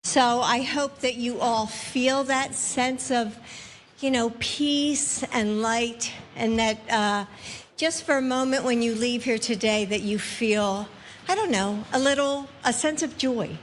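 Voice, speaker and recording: Slow, halting woman giving remarks. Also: a little high, in a large hall, a little hiss or hum. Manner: slow, halting, searching for words. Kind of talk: informal public remarks.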